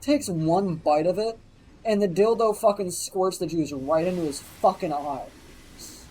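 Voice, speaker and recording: A man's voice: high voice, a little slow, rough recording. Guy streaming, cussing nonstop through a goofy story, faint noise behind. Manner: profane, animated anecdote telling. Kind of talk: casual storytelling.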